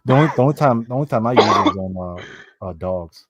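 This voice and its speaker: A man's voice: on the low side, expressive, fast, a crowd in the background. A man chatting casually on a podcast, laid-back, with stammered restarts. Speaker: podcast co-host. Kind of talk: casual chat.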